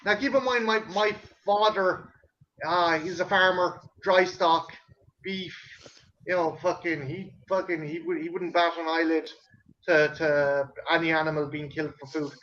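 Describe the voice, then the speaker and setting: A man telling a family story in casual chat, animated and swearing, acting out his parents' voices. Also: on the high side, measured pace, highs cut off. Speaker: host.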